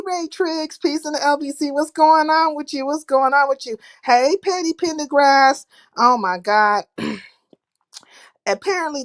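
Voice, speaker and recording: Woman, livestream host, higher voice, blunt, profane, calls out chat names. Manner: profane, blunt, greets viewers by name. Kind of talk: casual livestream rant.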